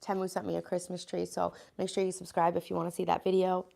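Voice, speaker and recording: Chatty American woman streamer, low and gravelly, stuffed-up from a cold, greets her chat by name. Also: completely flat delivery, fast talker, warm tone. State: congested, sniffling. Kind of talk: casual live-stream chat.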